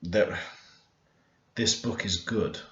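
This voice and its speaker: A man's voice: low-pitched, very slow, a bit bright. Man, screen-recorded grammar lesson, thinking aloud, keyboard clicks, echoey room, dull lo-fi mic. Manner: thinking aloud, unsure, stresses example words. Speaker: language learner teaching.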